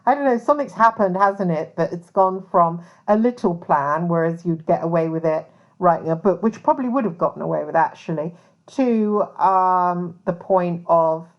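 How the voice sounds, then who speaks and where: Woman, private investigator, rambling casual talk, low voice, muffled recording. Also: normal speed. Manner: rambling, many fillers and asides. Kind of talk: casual monologue to camera.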